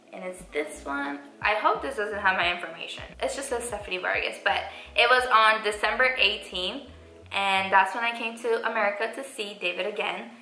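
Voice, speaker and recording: A woman's voice: mid-range voice, pushed and bright. A young woman vlogger casually telling a story, chatty and full of "like" and "I was like". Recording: echoey room.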